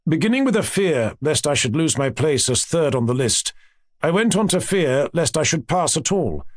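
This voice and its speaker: A man reading a classic novel aloud in an expressive, measured storytelling manner. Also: medium pitch, dry recording, studio quality. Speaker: audiobook narrator. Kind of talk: scripted narration.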